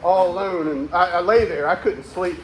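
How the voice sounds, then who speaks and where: A comedic performer tells a mock-sincere story deadpan at a live venue, slipping in fake ad reads and breaking into laughs. His high voice moves at normal speed, and the echoey room carries music and crowd noise.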